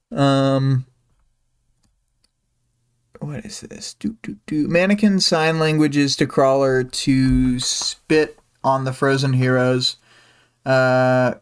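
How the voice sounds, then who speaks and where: A man with a smooth, resonant voice at an ordinary middle pitch, hosting a livestream. He recaps a story chapter in a relaxed, casual way, often pausing on ums and uhs and adding small asides. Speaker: livestream host.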